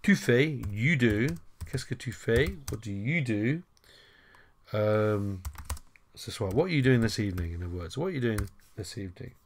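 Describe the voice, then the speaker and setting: A man's voice: on the low side, animated, moderate pace, slight background noise. A man teaching a French lesson over a screen recording, chatty, with wry self-deprecating asides.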